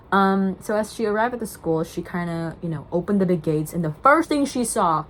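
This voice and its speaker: A woman's voice: medium pitch, expressive, moderate pace, fairly bright tone, poor audio. A young woman chatting casually as she recaps a movie, rambling with lots of fillers. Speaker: vlogger.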